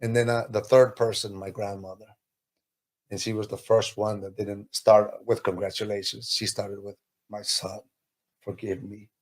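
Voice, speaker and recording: A man from Peru, a podcast guest, telling a personal testimony in an animated, emotional way, his voice rising sharply at the moments that move him. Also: normal speed. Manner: animated, emotional storytelling with sudden high pitch lifts.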